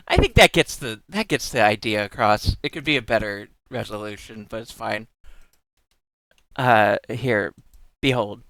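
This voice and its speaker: A young adult streamer talking in unhurried, casual live-stream chat. The pitch swings widely as they giggle and gush, with the odd swear thrown in. The sound is close and dry, with no room around it. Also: lively intonation, a bit bright, no room sound.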